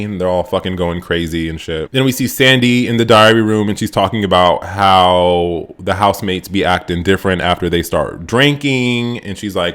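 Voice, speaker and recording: A man casually recapping a reality show episode, sarcastic and animated, swearing freely as his voice jumps up with excitement. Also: low-pitched, normal speed, hardly any pauses. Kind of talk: casual profane recap commentary.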